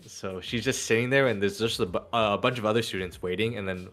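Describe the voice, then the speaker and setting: A man's voice: on the low side, fairly quick, hardly any pauses, fairly bright tone, faint music behind. Laughing young man recapping anime. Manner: laughing, swearing, acts out scenes in playful voices. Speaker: podcast co-host. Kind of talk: casual anime recap chat.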